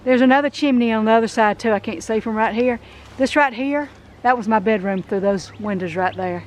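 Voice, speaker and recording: A middle-aged woman with a warm Southern US drawl hosts a casual vlog outdoors, her chatty, folksy talk a little emotional. A light hiss of outdoor noise sits under the voice. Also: on the high side, brisk. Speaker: vlog host. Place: outdoors at an abandoned house.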